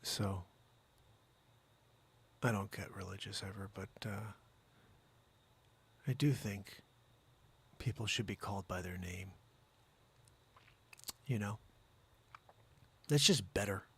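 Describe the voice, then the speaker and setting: A man's voice: on the low side, takes it slowly, long pauses, husky. A man hosting a comedy news show, reading headlines and riffing with jokes. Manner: joking, riffing between news lines.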